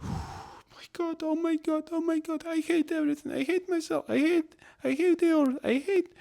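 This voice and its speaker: A man voicing a worn-out male hotel cleaner in a shrill, whining tantrum, told as a podcast story. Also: steady tone, moderate pace, vocal fry, mellow. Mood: anguished.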